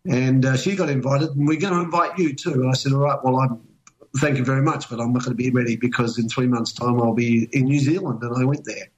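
An older Australian man spins long anecdotes in casual conversation. He rambles, restarts his sentences and leans on fillers as he goes. His voice sits at an ordinary middle pitch. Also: steady tone, quick pace, darkish tone, rough recording. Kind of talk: casual storytelling chat.

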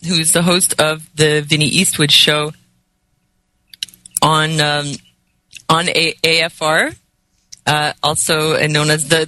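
A woman's voice: deep voice, sharp tone, poor audio. A woman hosting a call-in talk show, teasing her guest in playful banter.

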